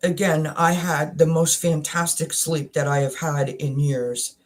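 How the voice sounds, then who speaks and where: Slow-talking emotional woman, halting. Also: low-pitched, fairly even intonation. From Canada. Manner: emotional, halting, many restarts. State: close to tears. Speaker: wellness channel host. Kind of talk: casual personal chat.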